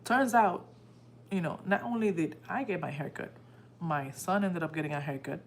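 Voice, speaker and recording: A woman's voice: lowish voice, moderate pace, a little hiss or hum. A woman hosting a live stream from home, telling a story in a casual, emotional way and acting out what people said. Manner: animated, emotional retelling that acts out quoted dialogue. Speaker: livestream host.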